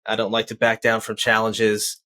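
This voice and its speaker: A man's voice: lowish voice, normal speed. A man hosting, talking casually and reflectively with many fillers. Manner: relaxed, filler-heavy. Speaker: host.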